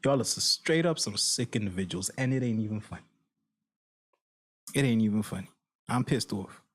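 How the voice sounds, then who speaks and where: His lowish voice moves a little fast with lively intonation as he unloads an angry rant on his sports reaction channel. He curses, speaks directly to viewers, and repeats himself to drive his points home.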